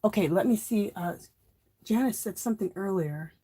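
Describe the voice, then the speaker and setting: A woman's voice: mid-range voice, moderate pace, mellow, breathy edge, no echo. A woman hosting a casual crafting livestream, chatting and thinking aloud as she works, recorded on a phone at her craft table. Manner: chatty, rambling, thinks aloud while working.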